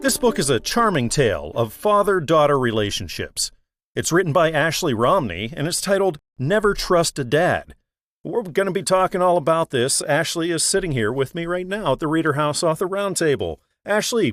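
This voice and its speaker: Lively-voiced male radio host. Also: a little high, normal speed, dry recording, studio quality. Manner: enthusiastic, reads book details. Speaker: interview host. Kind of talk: upbeat radio interview.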